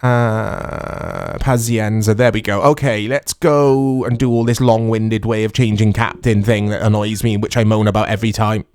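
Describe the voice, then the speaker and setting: A man commentating casually over a football video game, chatty and quick to shout at big moments. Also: on the low side, smooth, no echo. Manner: excitable, shouts at big chances, chatty asides. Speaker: gaming commentator. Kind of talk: casual let's-play commentary.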